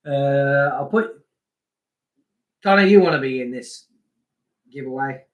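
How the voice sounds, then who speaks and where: A man's voice: medium pitch, slow pace, pauses often, dull audio. A man hosting a casual fishing live stream, chatting loosely, reading out names from the chat and laughing often. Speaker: livestream host.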